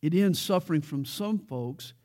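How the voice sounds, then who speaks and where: A man's voice: fairly high pitch, lively intonation, normal speed, dark tone. A man preaching a verse-by-verse Bible sermon, earnest and building to emphatic peaks, with light jokes along the way. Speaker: pastor.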